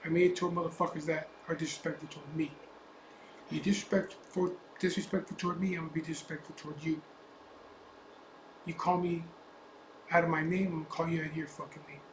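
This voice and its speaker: Fairly high-pitched and flat in intonation, this biker vlogger talks fast and pauses often. Speaking with a Chicano English accent, he delivers a blunt, unscripted, profane rant straight to the camera, defiant and full of repeated asides. An echoey room and faint background hum come through in the recording.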